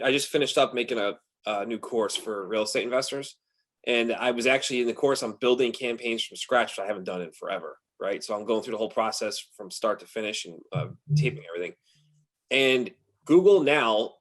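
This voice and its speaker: Fast-talking man on a video call. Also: mid-range voice. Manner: animated storyteller, talks fast. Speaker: agency owner. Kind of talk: casual roundtable chat.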